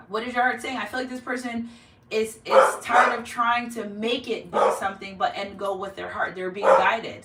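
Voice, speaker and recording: Speaking a little high, a tarot card reader chats emphatically to camera in a home room, going over her points again and again during a casual spiritual reading. Heavy background noise, an echoey space, and a distant mic mark the audio.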